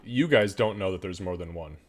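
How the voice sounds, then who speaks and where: A man narrating as game master of a tabletop game, casual and quick to laugh, swearing freely. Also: low-pitched.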